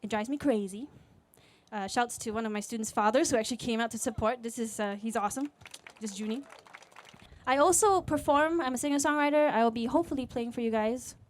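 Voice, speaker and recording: A woman's voice: fairly high pitch, fast talker. A woman, telling a personal story on stage at a live event in a candid, chatty way with fillers. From Singapore. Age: late 20s. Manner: conversational and candid, with fillers and voiced quotes. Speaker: speaker at a storytelling event, music teacher. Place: live speaker event before an audience.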